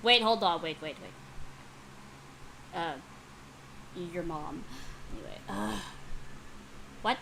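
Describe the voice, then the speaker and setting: A young woman reacting to a comic dub in casual commentary, excitable, swearing often and exclaiming over what she sees. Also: fairly low pitch, takes it slowly, long pauses, noisy background.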